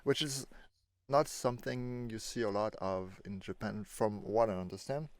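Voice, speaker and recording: A man's voice: on the low side, normal speed, dry recording. A man hosting a casual podcast, explaining things and often checking in with tag questions. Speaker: podcast host.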